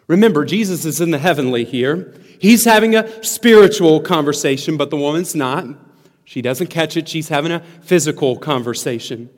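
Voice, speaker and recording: Male pastor, emphatic sermon delivery, slightly high voice; reverberant church hall. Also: expressive, normal speed. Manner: emphatic, earnest, with repeated restarts.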